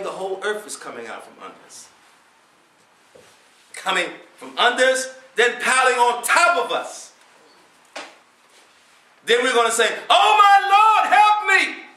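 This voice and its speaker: A man delivering a Friday sermon as preacher. He speaks with passion, asks many rhetorical questions, and swells to near-shouts. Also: sits high, lively intonation, slow, pauses often. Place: prayer hall. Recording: echoey room, voice from far off.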